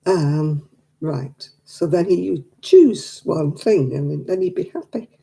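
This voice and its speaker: A woman's voice: sits low, lively intonation, slow pace, creaky, warm tone. An older woman, telling stories in casual chat and acting out the dialogue. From England. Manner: chatty, acts out quoted dialogue. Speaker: craft night participant.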